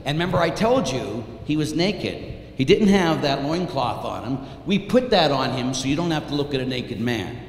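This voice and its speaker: A man, a priest, preaching a dramatic sermon, telling the story with intensity and swinging from hushed tones to shouts. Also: mid-range voice, sing-song, normal speed. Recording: echoey hall, light room noise.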